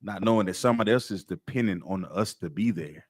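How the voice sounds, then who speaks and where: A man's voice: sits low, fast. A middle-aged man leads a scripture class. He lectures in a preaching style, emphatic and streetwise, and repeats his points for weight.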